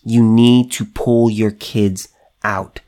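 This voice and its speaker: A man's voice: on the low side, steady tone, slow, warm tone. A man hosting a solo commentary show, talking emphatically, repeating himself and restarting, and reading news items aloud.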